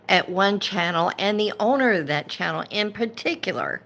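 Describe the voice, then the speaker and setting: A woman's voice: mid-range voice, animated, a little slow, long pauses, fairly bright tone. A woman hosting a casual livestream, ranting with indignation and greeting viewers by name as they join. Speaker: livestream host.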